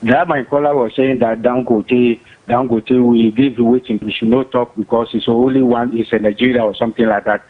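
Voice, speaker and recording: A man's voice: medium pitch, fairly even intonation, fairly quick, few pauses. A male caller speaking insistently in broken English, repeating his points. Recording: tinny phone line.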